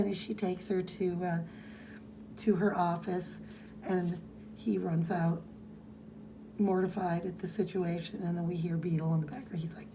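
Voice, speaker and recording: A woman's voice: on the low side, fairly even intonation, normal speed, long pauses, background noise. A woman co-hosting a podcast, chatting casually as she recaps a comic and reads its dialogue in playful voices. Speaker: podcast co-host.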